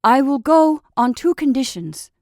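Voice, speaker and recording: A woman's voice: high voice, animated, a little slow, darkish tone, no echo, clean studio sound, voice pushed up. A woman voicing Jimmy Scarecrow, a timid and anxious scarecrow, in a storybook reading. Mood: pleading. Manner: pleading, anxious, raised voice.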